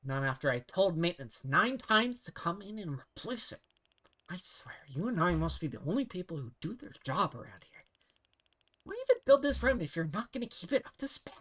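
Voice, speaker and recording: A woman's voice: lowish voice, sing-song, brisk, a bit bright, voice pushed up. A woman voicing a female AI assistant in a game, sweet-sounding and passive-aggressive, with a condescending manner. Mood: chirpy. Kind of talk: game dialogue read-along.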